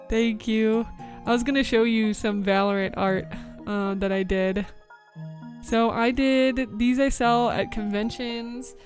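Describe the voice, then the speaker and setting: A woman's voice: on the high side, steady tone, a little slow, soft background music. A woman streamer in casual livestream chat, bubbly and chatty as she reads out viewer messages and thanks them.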